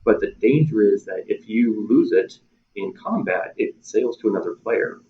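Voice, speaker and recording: A man's voice: on the low side, lively intonation, moderate pace, dull audio. A man, a game designer guest in a casual interview, who laughs often and acts out players' lines as he talks.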